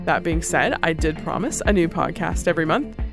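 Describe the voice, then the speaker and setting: A woman hosting a podcast, chatting casually and retelling stories with plenty of "like" and quick restarts. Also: low-pitched, gravelly, over music. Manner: chatty, lots of "like", lively retelling. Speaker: podcast host.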